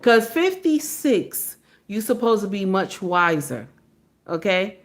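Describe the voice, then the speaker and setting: A woman's voice: mid-range voice, very animated, takes it slowly. Emphatic woman giving reaction commentary. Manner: emphatic, repeats points, says "okay?" and "baby".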